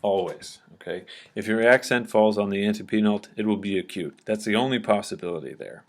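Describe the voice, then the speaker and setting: Low-voiced man explaining grammar patiently. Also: a little fast. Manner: patient, step-by-step explaining with frequent "okay?" checks. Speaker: teacher. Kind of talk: recorded grammar lecture.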